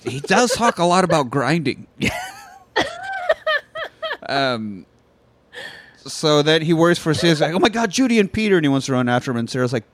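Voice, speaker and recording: A man's voice: a little high, animated, moderate pace, long pauses, no room sound. A man casually recapping a film on a podcast, swearing freely and acting out scenes. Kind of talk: casual comedic recap with crude jokes.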